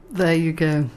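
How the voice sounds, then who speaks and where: A woman co-hosting a radio show, chatting casually and teasing her co-host. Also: low voice. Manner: teasing, laughs often.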